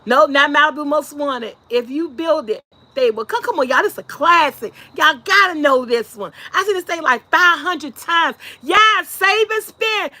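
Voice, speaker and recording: A woman hosting a casual live stream, lively and laughing often as she talks to her chat. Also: high voice, moderate pace, hardly any pauses. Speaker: vlog host.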